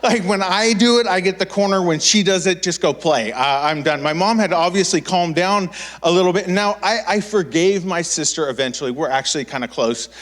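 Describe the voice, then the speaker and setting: A man in his thirties preaching in a church, telling a childhood story with lively acted-out voices and frequent restarts. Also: high voice, brisk. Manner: animated, acts out quoted voices, many restarts. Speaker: pastor. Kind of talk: storytelling sermon.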